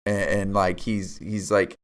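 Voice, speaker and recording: A man's voice: low voice, little pitch movement, a little slow. A man co-hosting a casual movie review podcast, speaking in an earnest, reflective way and often repeating words. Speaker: podcast co-host.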